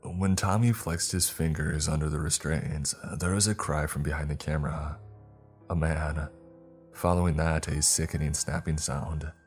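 A man narrating a first-person horror story in a tense, measured way. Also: a bass voice, fairly even intonation, faint music behind.

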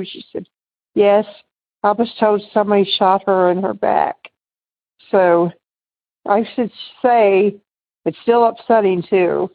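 A woman's voice: mid-range voice, steady tone, takes it slowly, pauses often. A woman caller telling a personal ghost story in a casual, rambling way. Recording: phone line, muffled.

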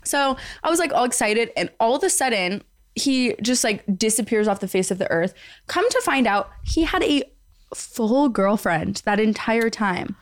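A woman's voice: fairly high pitch, moderate pace. Young woman telling gossip animatedly. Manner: animated gossipy storytelling, filler-heavy. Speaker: podcast co-host. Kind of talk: casual chat.

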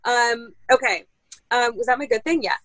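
Animated, chatty woman, slightly high voice. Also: normal speed, dry recording, rough recording. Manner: rambling, animated storytelling with casual cursing. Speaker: mom and podcast guest. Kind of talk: casual chat.

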